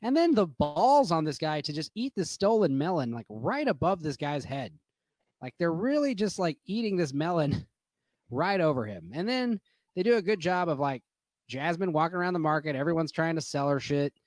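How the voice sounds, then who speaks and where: Drunk male reviewer, higher voice, loose and profane, lots of "like" and "uh", dry close sound. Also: very animated, normal speed, a little mellow, no room sound. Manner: profane, rambling, lots of fillers and restarts. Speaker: movie reviewer. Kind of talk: rambling casual movie rant.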